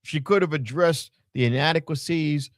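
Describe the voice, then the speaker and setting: A man's voice: a little high, moderate pace, dry recording, clean studio sound. A man co-hosting a podcast, giving a blunt, profane, opinionated wrestling recap in casual chat. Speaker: podcast co-host.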